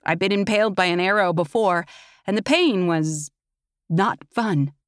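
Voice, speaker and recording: A woman's voice: lowish voice, expressive, unhurried, clear, resonant tone, dry recording, clean studio sound. A woman narrating a fantasy audiobook in the first person, with tense and intimate storytelling.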